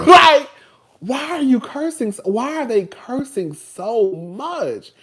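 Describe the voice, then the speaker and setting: A man's voice: very high-pitched, sing-song, measured pace, sharp tone. A man hosting a casual live stream. He rambles, talks with sass and laughs often as he chats with his viewers. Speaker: show host reviewing TV.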